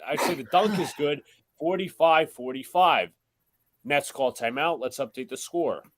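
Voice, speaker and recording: A young man with a New York accent doing quick, matter-of-fact play-by-play on a live stream. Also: on the high side, expressive, no room sound. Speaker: play-by-play commentator.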